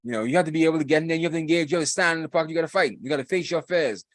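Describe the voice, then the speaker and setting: A man's voice: a little high, rapid-fire, dry recording. A man hosting a live podcast, talking in a casual monologue, emphatic and repeating phrases for force. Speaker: podcast host.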